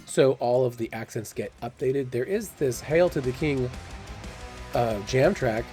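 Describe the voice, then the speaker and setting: A man's voice: mid-range voice, measured pace, mellow, faint music behind. A man hosting a gaming channel, giving casual, curious commentary and thinking aloud with exclamations. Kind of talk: casual game commentary voice-over.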